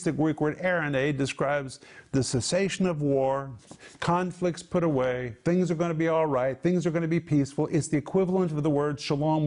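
A man's voice: fairly high pitch, a little mellow. Emphatic male Bible teacher. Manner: emphatic, dwells on Greek word meanings.

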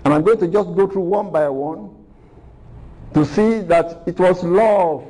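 A man's voice: high voice, measured pace, mellow, rough recording. A man preaching a recorded sermon, earnest and repetitive, asking rhetorical questions.

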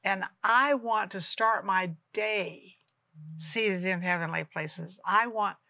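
A woman co-hosting a faith talk show speaks to viewers with warm exhortation and urges them on. Her voice is bright, and the sound is dry and close. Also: medium pitch, slow pace, creaky, no echo. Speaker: co-host.

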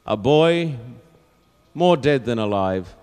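A man preaching an evangelistic sermon in a large auditorium, telling a story dramatically and moving from hushed lines to loud ones. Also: mid-range voice, expressive, slow pace, smooth. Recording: long auditorium reverb.

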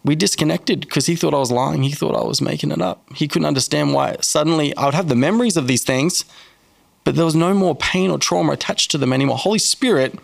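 A man sharing a personal faith testimony in an interview, earnest and halting, with frequent restarts. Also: fairly high pitch, gravelly, no room sound. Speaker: guest telling his testimony.

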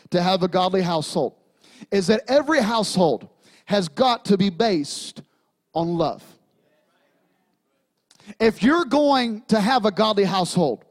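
High-voiced pastor, slow, drawl. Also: male voice. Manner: preaching with humor and emphatic repetition. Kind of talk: sermon. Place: church sanctuary.

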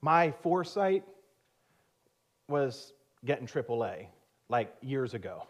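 A man preaching a sermon in his thirties, telling stories from his own life with a lot of laughter. He is animated and pokes fun at himself, and his voice sits in a middle pitch. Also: slow. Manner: storytelling, laughs often, lively and self-mocking. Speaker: pastor. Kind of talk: sermon with personal story.

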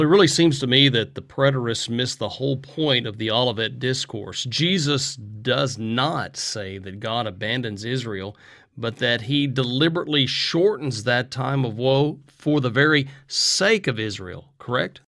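A man hosting an interview, asking measured, leading questions. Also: mid-range voice, animated, creaky, fairly bright tone. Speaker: interview host.

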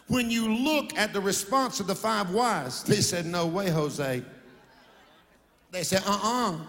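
A middle-aged male pastor preaching a sermon in a church, with a sing-song preaching cadence that rises into shouts. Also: high-pitched. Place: church sanctuary. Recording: long hall reverb.

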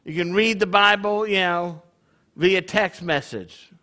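A man's voice: high-pitched, measured pace, bright, forceful tone. A man leading his congregation in a conversational sermon, full of rhetorical questions. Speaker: congregation leader.

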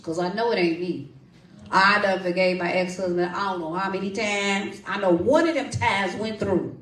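A woman preaching a lively sermon with testimony and prayer, calling out to her congregation and coaxing responses. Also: mid-range voice, normal speed, recorded from a distance. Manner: lively, call-and-response, folksy. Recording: echoey room, voice from off-mic.

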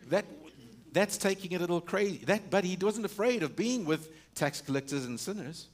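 Impassioned preacher man, higher voice. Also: expressive, a little fast. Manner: impassioned, rhetorical questions, frequent restarts; swings between loud emphasis and hushed low delivery. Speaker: pastor. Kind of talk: sermon.

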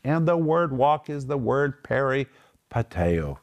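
A man's voice: mid-range voice, very animated, slow. Emphatic middle-aged male Bible teacher. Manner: emphatic, explains Greek words step by step.

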